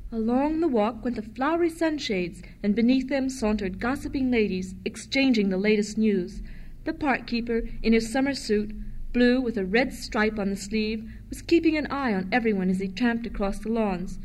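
A woman reading a storybook aloud to children in a gentle, expressive way. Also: a little high, normal speed.

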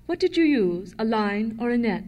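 A woman voicing a courteous, curious elderly gentleman in top hat. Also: on the high side, very animated, normal speed. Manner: courteous, mildly puzzled.

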